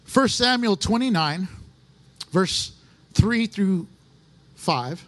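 A man preaching a sermon as pastor, folksy and animated, slipping into little acted asides. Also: high voice, very slow.

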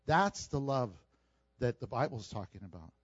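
A male pastor giving a conversational, emphatic sermon with quick asides to the congregation. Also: medium pitch, very animated, dry recording, dull audio.

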